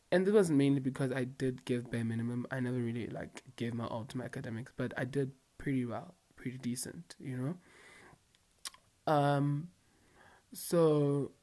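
Young man, casual storytime vlog, slangy, rambling, filler-heavy, mid-pitched. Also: a little mellow. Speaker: vlogger.

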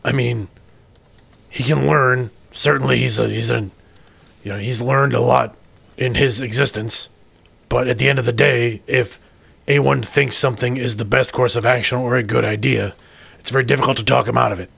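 A man playing a wary male starship crewman in a tabletop role-play, talking in a halting way with many stammers and restarts. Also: mid-range voice, steady tone, gravelly, a bit bright, husky, no room sound, full character voice. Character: wary male starship crewman, private about his mother.

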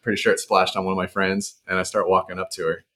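Guy with a really deep voice telling his side of the story, laid-back. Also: flat delivery, fast talker, fairly bright tone. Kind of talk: casual storytelling.

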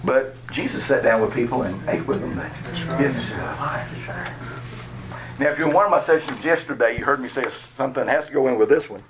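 A man's voice: mid-range voice, lively intonation, fairly quick, noisy background. A man from Georgia, preaching a sermon through a candid personal story and chuckling at himself. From Georgia, USA. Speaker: pastor.

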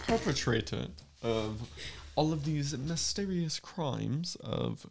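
A man casually telling a history story on a podcast, slow and halting with lots of fillers. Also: medium pitch, expressive, gravelly, a little hiss or hum. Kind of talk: casual chat.

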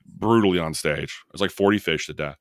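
A man hosting a casual horror movie podcast, animated and profane, often acting out characters in quick impressions. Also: low-pitched, no room sound, studio quality. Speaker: podcast host. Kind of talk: casual movie review chat.

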